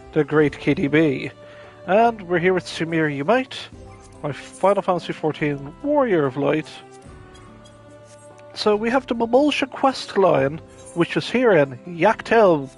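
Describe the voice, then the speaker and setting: A man's voice: high-pitched, expressive, unhurried, faint music behind. A man hosting a casual gameplay stream, playful and jokey, rambling with fillers. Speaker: streamer and host.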